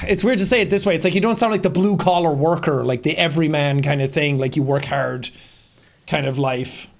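A man's voice: on the high side, fairly quick, creaky. A man co-hosting a podcast in casual chat, talking sarcastically and filling his sentences with "like.". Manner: sarcastic, chatty, full of "like". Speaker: podcast co-host.

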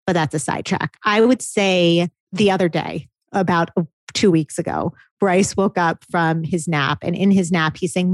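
This is a woman co-hosting a relaxed conversation. Her voice sits a little low, and the sound is dry and close. She tells stories in an animated way and laughs often. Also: moderate pace, hardly any pauses, no room sound. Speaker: podcast co-host. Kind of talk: casual chat.

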